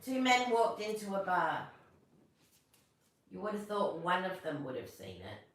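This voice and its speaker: A woman's voice: medium pitch, big pitch swings, unhurried, recorded from a distance. Woman live-stream host, chatty and self-mocking, slightly under the weather, voice echoing from off mic. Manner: chatty, self-deprecating, tells corny jokes. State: a little sick. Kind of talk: casual live stream chat. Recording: echoey room, away from the mic.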